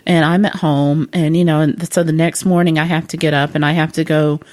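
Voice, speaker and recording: A woman's voice: low-pitched, fairly quick. A woman guest telling a funny story in conversation, acting out the voices of the people in it. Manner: lively, acts out voices while telling a story.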